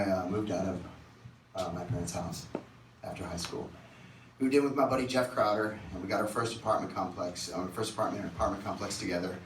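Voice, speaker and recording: A man's voice: deep voice, noisy background. A man telling funny stories on stage between songs at a concert, acting out voices as he goes. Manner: animated, joking, acts out voices. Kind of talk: live storytelling between songs. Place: concert venue. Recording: echoey live room from a distance.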